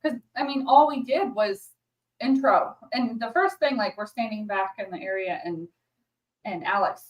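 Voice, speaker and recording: A woman co-hosting a casual chat show, telling her stories in a gushing, animated way. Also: a little high, moderate pace, distant mic, rough recording. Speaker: co-host.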